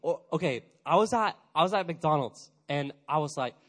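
A young man in his twenties giving a casual, energetic youth sermon, chatty and full of fillers, acting out little quotes. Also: on the high side, normal speed. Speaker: youth pastor.

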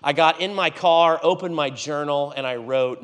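A man preaching in a church, telling a story with animated swings between loud and hushed delivery. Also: on the high side, normal speed, few pauses. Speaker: guest preacher. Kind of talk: storytelling sermon.

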